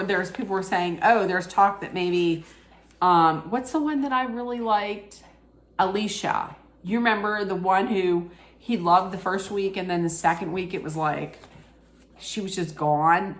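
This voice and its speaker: A woman's voice: medium pitch, normal speed. A woman giving a casual, opinionated recap of a reality dating show, chatty, with frequent fillers and restarts.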